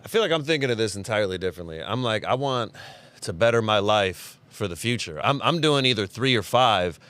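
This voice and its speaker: Un hombre, cómico invitado en un pódcast, que argumenta su postura con seriedad y detalle en una charla informal. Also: male voice, fairly low pitch, lively intonation, brisk, a bit bright, clear, resonant tone, dry recording. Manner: earnest, argues his point at length. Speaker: comedian panelist. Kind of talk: casual comedy podcast debate.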